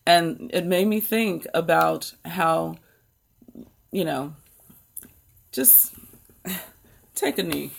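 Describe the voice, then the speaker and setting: A woman's voice: lowish voice, very slow, gravelly, long pauses, husky. An American woman hosting a live book stream, chatting casually and rambling to her viewers. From United States. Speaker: book channel host.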